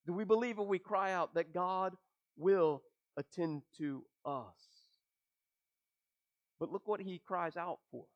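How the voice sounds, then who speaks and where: High-voiced preaching man, dull recording. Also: slow pace, pauses often. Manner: rhetorical questions, dropping low on phrase ends. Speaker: pastor. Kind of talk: sermon.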